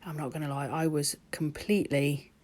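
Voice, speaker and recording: A woman's voice: low-pitched, level tone, moderate pace, a little mellow. A woman narrating her nail art in a chatty, rambling voice-over recorded at home. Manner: chatty and rambling, with laughs and ums.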